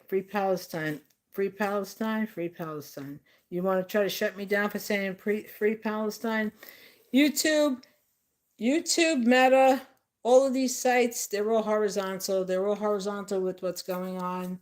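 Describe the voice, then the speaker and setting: Blunt, profane woman vlogger. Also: medium pitch. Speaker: channel host. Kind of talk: casual ranting vlog.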